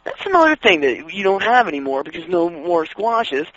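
A man in casual chat, excitedly telling wrestling stories and acting out what others said. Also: high voice, moderate pace. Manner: excitable, acts out quoted voices, laughs while telling. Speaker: wrestling fan guest. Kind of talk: casual chat, animated storytelling. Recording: dull lo-fi radio sound.

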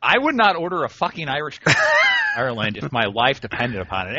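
A man's voice: mid-range voice, huge pitch swings, fast, bright, forceful tone, no echo, lo-fi sound. A man co-hosting a radio talk show in casual banter, rambling and breaking into mock lectures.

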